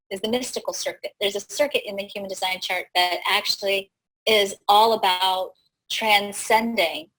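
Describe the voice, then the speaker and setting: Husky woman teaching with animated delivery. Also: medium pitch, poor audio. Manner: animated, teacherly, often tags "right?"; laughs easily mid-sentence. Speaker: host. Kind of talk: live-streamed teaching talk.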